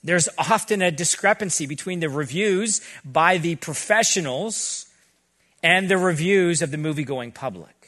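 A man with a somewhat high voice delivers a sermon, speaking earnestly to his congregation. He sounds middle-aged and keeps it conversational, slipping into quick asides. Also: lively intonation, a bit bright. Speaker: pastor.

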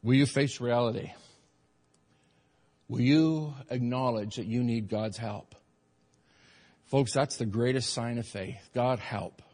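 A man's voice: high-pitched, fairly bright tone, big-room sound. A middle-aged male pastor preaching a sermon in a church, earnest and emphatic, repeating his phrases for stress. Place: church sanctuary.

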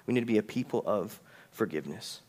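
A male pastor preaching a conversational sermon, reading scripture aloud, asking the congregation questions and slowing down for emphasis. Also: lowish voice, expressive, a little mellow.

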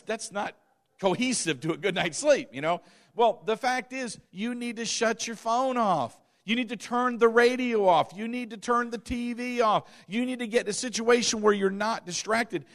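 A man's voice: high-pitched, a bit bright. A middle-aged male pastor preaching a sermon, emphatic and repetitive, with chuckling asides.

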